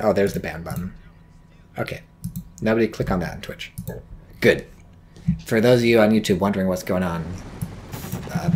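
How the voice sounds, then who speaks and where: A man's voice: on the low side, slight background noise. A man giving casual live-stream commentary on a strategy game, wry and offhand, swearing now and then.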